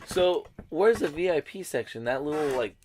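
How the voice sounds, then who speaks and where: A man's voice: fairly high pitch, animated, moderate pace, darkish tone, slight background noise. A man co-hosting a podcast, reacting in casual chat with profane interjections. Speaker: podcast co-host.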